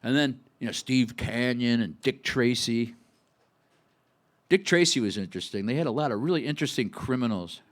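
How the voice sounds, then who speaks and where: A man's voice: medium pitch, animated, moderate pace. Rambling man in his 60s telling a story. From Buffalo, New York. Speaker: singer-songwriter. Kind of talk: onstage storytelling between songs. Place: live music club stage.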